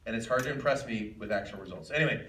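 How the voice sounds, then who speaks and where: Bright, punchy man hosting a seminar. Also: lowish voice, animated, very fast. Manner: emphatic, punchy, joking. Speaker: event host. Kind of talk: live seminar talk. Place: event hall with audience. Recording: echoey hall, distant mic, faint room noise.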